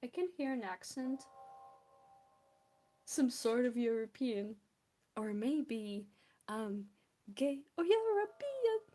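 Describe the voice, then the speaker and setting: A woman's voice: on the high side, fairly even intonation, takes it slowly, long pauses, dark tone, slight background noise. A young woman from Belarus with a Belarusian accent, chatting casually and giggling with viewers while drawing on a stream. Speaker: art streamer.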